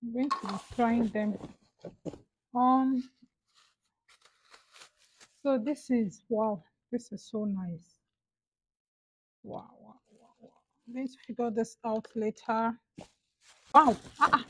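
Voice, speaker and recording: A woman's voice: fairly high pitch, slow pace, pauses often, rough recording. A young woman with a Nigerian accent, chatting casually and gushing over her purchases in an unboxing vlog. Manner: gushing, excitable. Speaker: vlogger.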